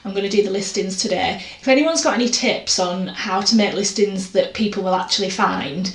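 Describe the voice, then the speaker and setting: A woman's voice: medium pitch, brisk. Chatty woman in an echoey room. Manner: chatty, rambling, self-deprecating. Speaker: artist vlogger. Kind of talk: casual chat. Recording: echoey room, faint noise.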